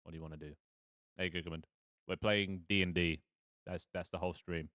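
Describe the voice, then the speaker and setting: A man's voice: low-pitched, steady tone, brisk, fairly bright tone, no room sound, clean studio sound. A man as game master, narrating a tabletop game on a casual live stream in a rambling, self-mocking way with fillers and swearing.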